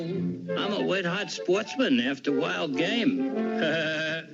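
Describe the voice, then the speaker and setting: Gravelly man singing over loud brass. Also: a little high, very slow. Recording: dull old cartoon audio with loud music.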